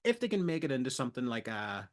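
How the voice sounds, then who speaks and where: A man's voice: mid-range voice, fast talker. Rambling man, film podcast host. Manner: rambling, jokey, gets loud when excited. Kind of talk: casual chat.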